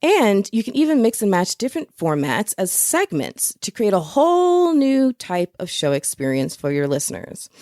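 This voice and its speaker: A woman's voice: mid-range voice, dark tone, no room sound, clean studio sound. A woman hosting a solo podcast, talking through show formats in a chatty way and laughing at her own asides. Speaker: podcast host. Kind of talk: solo podcast teaching episode.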